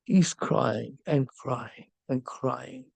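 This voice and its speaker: Rabbi storyteller, male: strongly gravelly, mellow tone, dry close sound, animated telling sprinkled with Yiddish. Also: medium pitch, extremely slow, no room sound. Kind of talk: storytelling sermon.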